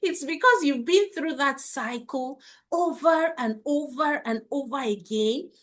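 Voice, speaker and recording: A middle-aged woman leads a live parenting webinar at a slow, unhurried pace. Her voice sits a little high, and she circles back over her points, often asking viewers to confirm in the chat. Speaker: parenting coach.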